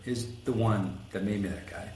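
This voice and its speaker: A man telling a story in a casual interview, animated and acting out quotes, rough around the edges. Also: lowish voice, normal speed. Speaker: guest, collision shop executive. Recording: echoey room with faint background noise.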